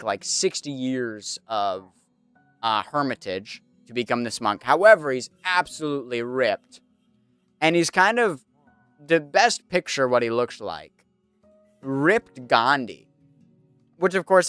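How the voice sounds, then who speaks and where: A man's voice: mid-range voice, a bit bright, clear, resonant tone, dry recording. A man streaming a game, chatting casually and rambling with many fillers. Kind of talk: casual commentary while gaming.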